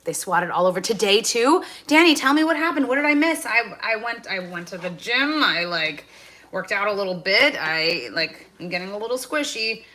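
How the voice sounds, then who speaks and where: A woman's voice: mid-range voice, lively intonation, normal speed, sharp tone. A woman hosting a casual livestream as she cooks fried rice at home, chatting with viewers and reading out their comments, moving between cheerful and indignant. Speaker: livestream host. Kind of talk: casual livestream chat while cooking. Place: home kitchen. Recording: faint background noise from frying food. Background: food sizzling in a pan.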